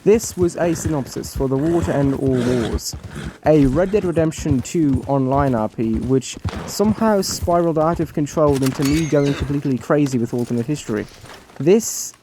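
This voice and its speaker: A man's voice: on the high side, normal speed, noisy background. A young man, chatting casually and animatedly to his viewers. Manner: animated, chatty, self-deprecating. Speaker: channel creator.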